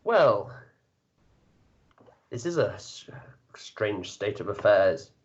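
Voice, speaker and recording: A man's voice: on the low side, sing-song, very slow, muffled recording, heavily acted. A man voicing a pompous male knight who questions a crowd.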